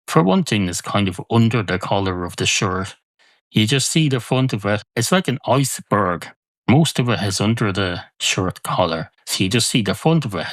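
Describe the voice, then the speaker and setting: A man's voice: on the low side, no room sound. A man hosting a comedy podcast alone, rambling through silly musings and correcting himself mid-thought. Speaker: podcast host. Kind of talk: comedic solo monologue.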